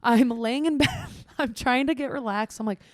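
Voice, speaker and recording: A woman in her twenties co-hosts a laid-back podcast, her high voice moving at a normal pace as she tells a story with lots of energy, acting out her own reactions and cursing freely. The recording is dry and studio quality.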